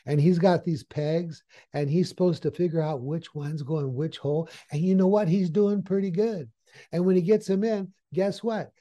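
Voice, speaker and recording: A male hypnotist explains his methods through a client story, chatty and full of rhetorical questions. His voice sits fairly high for a man yet sounds very dark and mellow. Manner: conversational, repetitive, asks rhetorical questions. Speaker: hypnotist and trainer. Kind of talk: storytelling training lecture.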